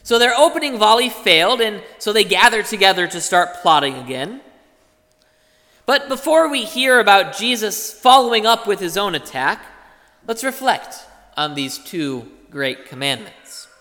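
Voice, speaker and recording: A man preaching a sermon as pastor, explaining things in a deliberate teaching way. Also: high-pitched, animated, pushed and bright. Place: church. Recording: long reverb of a church hall.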